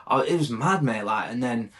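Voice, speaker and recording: A man's voice: medium pitch, lively intonation, a bit bright. Candid man talking plainly, says mate a lot. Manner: candid, calls the host mate, halting and reflective. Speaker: podcast guest, firefighter. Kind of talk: casual conversation.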